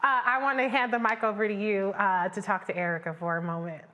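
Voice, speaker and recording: A woman's voice: mid-range voice, steady tone, fast talker, bright, forceful tone. A woman hosting a panel talk show, effusive as she thanks guests and hands over the floor.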